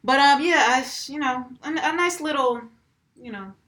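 A woman's voice: high voice, moderate pace, fairly bright tone, echoey room. A young woman in casual chat, blunt and profane, laughing often.

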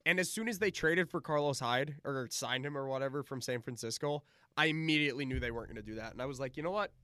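A man's voice: mid-range voice, fast talker, bright, forceful tone, clean tone, no echo, clean studio sound. A man co-hosting a casual sports podcast, agreeable and rambling, often restarting his sentences.

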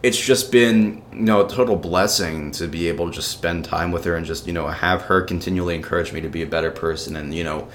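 A man in his twenties from New York, a podcast guest telling a story in casual chat, animated and cursing freely between lots of fillers. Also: sits low, quick pace, hardly any pauses, a little hiss or hum. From New York, USA. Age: 20s.

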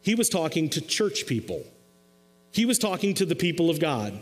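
Male pastor, slightly high voice, animated storytelling sermon, reverberant auditorium sound. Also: moderate pace. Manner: lively storytelling with playful asides and acted-out quotes.

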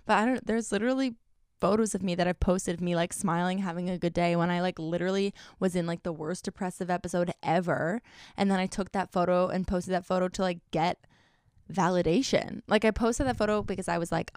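A woman's voice: lowish voice, fairly even intonation, brisk, a little mellow, clear, resonant tone, no echo, studio quality. A young woman talking to camera in a casual vlog, chatty and self-deprecating, filling her sentences with "like.". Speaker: YouTuber.

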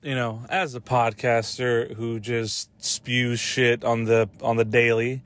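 A man's voice: mid-range voice, level tone, slow. A man hosting a podcast in casual chat, rambling and swearing as he laughs at his own jokes. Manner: rambling, profane, laughs often. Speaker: podcast host.

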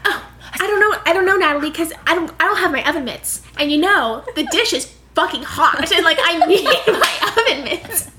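A woman's voice: very high voice, lively intonation, moderate pace, sharp tone, a little hiss or hum. A young woman co-hosting a casual podcast chat, playful and gushing, with jokey slang. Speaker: podcast co-host.

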